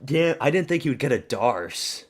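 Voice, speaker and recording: A man hosting a fight watch-party stream, giving excitable, profane live reactions and yelling at the screen. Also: mid-range voice, normal speed.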